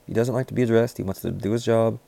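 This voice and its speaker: Gravelly deadpan man riffing. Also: lowish voice, fast, dry recording. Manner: deadpan, rambling riffs with frequent restarts. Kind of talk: rambling comedic banter.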